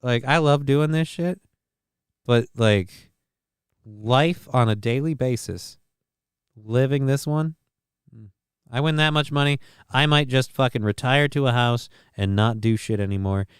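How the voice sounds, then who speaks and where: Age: unknown. Sex: man. Role: show host. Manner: profane, rambling, crisp voice. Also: medium pitch, measured pace, no room sound, studio quality. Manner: profane, rambling riffs on news items. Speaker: live-stream show host. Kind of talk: casual live-stream commentary.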